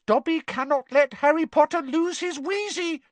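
A reader voicing an earnest male house elf in a squeaky, very high voice, eager, talking about himself in the third person and calling his listener sir. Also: normal speed, no room sound, close to an everyday voice. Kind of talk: audiobook character voice.

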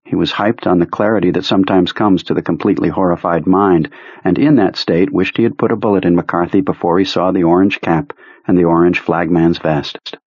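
A man narrating an audiobook in a measured, low-key storytelling manner. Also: steady tone, breathy edge, no room sound. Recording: dry, slightly muffled recording.

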